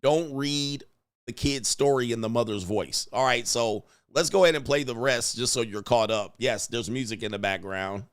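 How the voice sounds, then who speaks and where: A man hosting a stream, reacting to a clip in casual commentary, talking in an animated, exclaiming way and laughing often. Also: medium pitch, moderate pace, smooth. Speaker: host.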